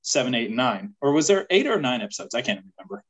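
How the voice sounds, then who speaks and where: A man's voice: sing-song, fast talker, low-quality recording. A man co-hosting a podcast, joking and rambling in casual chat. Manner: jokey, rambling, pitching mock ads. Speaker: podcast co-host.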